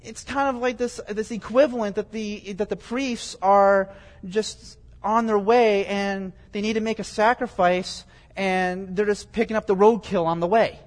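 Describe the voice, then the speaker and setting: A man's voice: high voice, fairly even intonation, a little slow. A man giving a conversational Bible teaching, explaining scripture verse by verse in plain everyday words. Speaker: preacher. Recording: long reverb, echoey hall.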